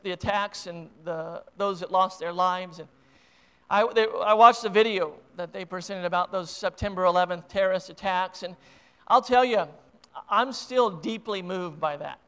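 Impassioned high-voiced American pastor preaching. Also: male voice, normal speed, pushed and bright, clean tone. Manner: impassioned, emotional preaching with many restarts. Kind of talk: sermon.

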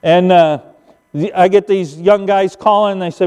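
Older male pastor, high-pitched and mellow, folksy sermon storyteller, church hall reverb. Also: moderate pace, clean tone. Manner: folksy storytelling, emphatic sound effects. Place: church sanctuary.

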